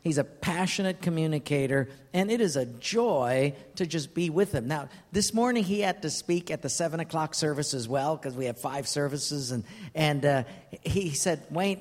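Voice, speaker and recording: Brief: male senior pastor, folksy announcements, slightly high voice, long reverb of a big sanctuary. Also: lively intonation, moderate pace, hardly any pauses. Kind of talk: church announcements and guest introduction. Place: large church sanctuary. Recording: reverberant hall.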